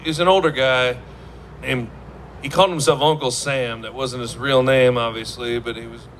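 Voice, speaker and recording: A man's voice: mid-range voice, fairly even intonation, normal speed, gravelly, fairly bright tone, a little hiss or hum. A man, a singer-songwriter, rambling through a story with lots of fillers between songs on a festival stage. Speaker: singer-songwriter performing live. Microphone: stage vocal mic. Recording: live band music behind.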